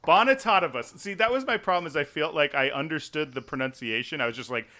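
A man co-hosting a podcast in casual chat, joking and laughing a lot in an animated way. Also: on the high side, fast talker. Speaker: podcast co-host.

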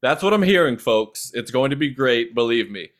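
A man doing a comic impression of a boastful older male politician, with a lowered, drawling cadence and repeated "folks". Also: animated, normal speed, fairly bright tone, close to an everyday voice. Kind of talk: comic impression reading a parody text.

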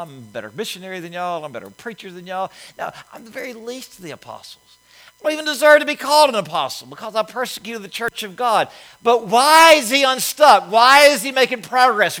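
A male pastor, preaching a sermon emphatically, swinging from loud exhortation to quiet asides. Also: sits high, rough recording.

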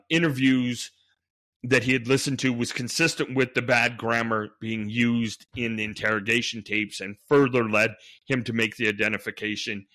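A man's voice: lowish voice, pushed and bright. A man hosting a podcast in a conversational narrating style, thinking aloud with frequent restarts and fillers. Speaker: podcast host.

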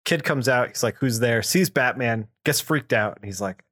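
A man co-hosting a podcast, retelling a comic book story casually and slipping into quick voices for the characters. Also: medium pitch, fairly bright tone, no echo, clean studio sound. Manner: retells the plot with quick quoted voices and laughs. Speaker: podcast co-host.

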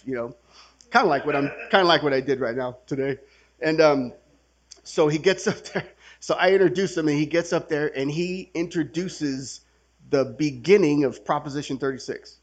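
Casual storytelling man, swearing freely. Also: on the high side. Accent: Californian. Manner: conversational, swearing, acts out quotes with laughs. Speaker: workshop speaker sharing his recovery story. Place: workshop gathering room.

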